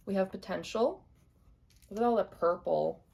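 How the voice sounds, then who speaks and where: A young woman giving an intuitive tarot reading to camera, speaking gently and repeating her points straight to the viewer. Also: medium pitch, moderate pace, creaky, slight background noise. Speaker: tarot reader.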